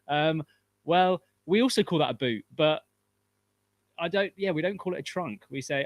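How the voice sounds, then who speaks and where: A man's voice: on the high side, moderate pace, a bit bright, no room sound. A man from England with an English accent, a guest in a casual chat, polite and dryly humorous. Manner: polite, dry humour.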